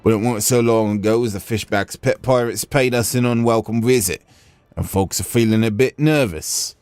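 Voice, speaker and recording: A man voicing a brash, gruff middle-aged tavern keeper in a game, with a rough, slangy attempted Cockney accent. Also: medium pitch, moderate pace, darkish tone, dry recording, natural voice. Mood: wry. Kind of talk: reading game dialogue aloud on a stream.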